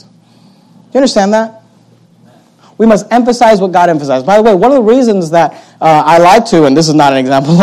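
A man preaching from the pulpit in a high voice. He drives his points home with sarcastic jabs, rising sharply for emphasis and dropping to quiet asides. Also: poor audio. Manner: emphatic and sarcastic, swinging between loud and hushed. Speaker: pastor. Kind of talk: sermon.

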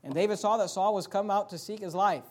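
A man delivers a sermon with a high, bright-edged voice. He drives his points home by repeating phrases, swelling to loud, emphatic stretches before dropping back down. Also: fast. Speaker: pastor.

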